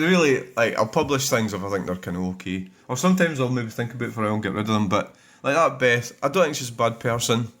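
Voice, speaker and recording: Scottish man, middle-aged, host-style comment review, blunt, sweary, meandering, average pitch. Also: fairly bright tone. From Scotland. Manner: rambling, blunt, swears freely. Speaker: dashcam channel host. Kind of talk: casual vlog talk while reviewing comments.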